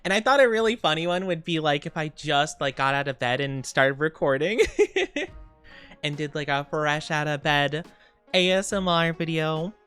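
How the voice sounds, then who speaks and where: A young adult woman streamer, tired and low on sleep, chatting casually and greeting her chat. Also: normal speed, fairly bright tone, clear, resonant tone, soft background music. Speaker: VTuber streamer.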